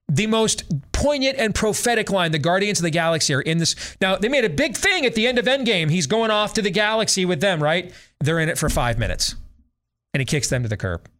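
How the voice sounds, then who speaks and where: A man's voice: sits high, fairly bright tone. Sarcastic middle-aged man ranting. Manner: sarcastic, exasperated, emphatic. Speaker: talk show host. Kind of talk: opinionated movie-review rant.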